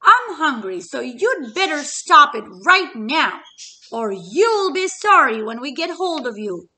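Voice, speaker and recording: A woman's voice: high-pitched, very animated, unhurried, pushed and bright, voice pushed up, full character voice. A woman doing a hungry, defiant little chick.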